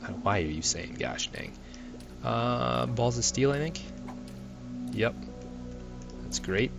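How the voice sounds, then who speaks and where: A man's voice: mid-range voice, expressive, slow pace, vocal fry. A young man rambling through casual gameplay commentary, swearing often and flaring up at the game. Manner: swears a lot, rambling, flares into angry outbursts. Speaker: gaming channel host. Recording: music playing loudly behind.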